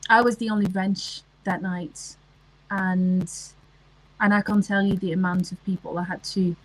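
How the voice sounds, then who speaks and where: A woman's voice: medium pitch, a little mellow, slightly rough, rough recording. A woman, chatting casually on a livestream and answering comments, with lots of ums and restarts. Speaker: livestream host.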